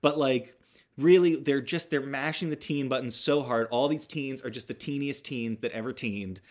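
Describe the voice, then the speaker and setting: A young man recapping a movie for his podcast, talking casually with plenty of fillers, false starts and restarts. His tone is sardonic and he swears now and then to land a point, at a middle pitch. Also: moderate pace. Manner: rambling, full of fillers and restarts. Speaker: podcast host.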